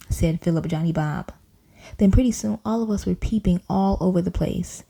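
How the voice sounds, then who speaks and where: A woman reading a children's storybook aloud in a playful, animated way, doing little voices. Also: on the low side, moderate pace, vocal fry. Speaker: audiobook reader.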